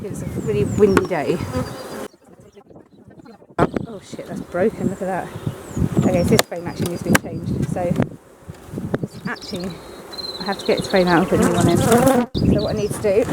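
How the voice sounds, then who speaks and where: A woman working a hive outdoors, her everyday mid-pitched voice cutting through loud wind and buzzing bees. She talks her way through the job bluntly and casually, swears a little, and coaxes the insects along as she goes. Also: moderate pace, long pauses. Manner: chatty, blunt, mildly swearing, coaxing the bees. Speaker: beekeeper. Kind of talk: casual hands-on commentary while working. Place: outdoors at beehives on a windy day.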